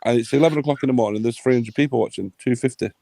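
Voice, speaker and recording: A man's voice: mid-range voice, very fast, creaky, warm tone, dry recording. A man hosting a livestream, ranting in a heated, sweary, blunt way. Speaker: livestream host.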